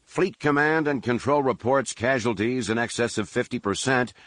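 A man doing a crisp enlisted officer reporting. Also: mid-range voice, a bit bright, no echo, pitched above the performer's own voice, lightly acted. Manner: brisk, report-like. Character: crisp male enlisted naval rating.

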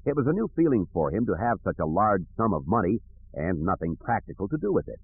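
A man narrating an audiobook in a steady, even reading voice. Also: low voice, fairly quick, husky. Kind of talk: scripted narration. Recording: tinny phone-like audio.

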